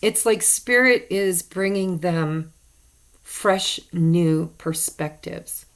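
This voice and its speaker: A woman with a lowish, creaky voice gives her viewers a casual tarot card reading. She's chatty and repeats herself for emphasis.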